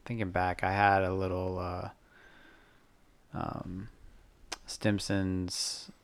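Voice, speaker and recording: A young man with a very low, gravelly voice co-hosting a casual podcast. He talks hesitantly, pausing often with ums and uhs as he gathers his thoughts. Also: level tone. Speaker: podcast co-host. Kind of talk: casual chat.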